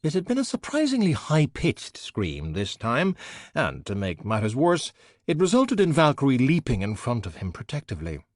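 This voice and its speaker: A man narrating an audiobook with an expressive, animated reading. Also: mid-range voice, moderate pace, no room sound, studio quality. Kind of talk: scripted narration.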